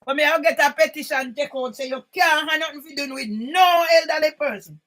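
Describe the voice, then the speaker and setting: Indignant older woman, high voice. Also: a little fast, hardly any pauses, poor audio. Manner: indignant, often bursts into shouting. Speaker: channel host. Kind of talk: reading documents aloud with angry comments.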